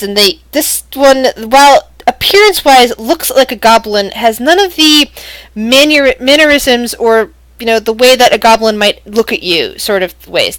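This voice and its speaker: A woman's voice: on the high side, a bit bright, no room sound, low-quality recording. A woman running a tabletop role-playing game online, narrating and explaining in a chatty, rambling way and often laughing. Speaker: game master.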